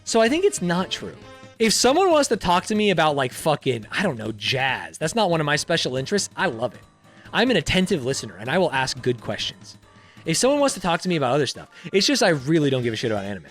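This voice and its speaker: A man's voice: a little high, quick pace, soft background music. A young man who makes online videos, reading quiz questions aloud in casual commentary, swearing freely and laughing often. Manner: animated, profane, laughs often. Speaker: YouTuber.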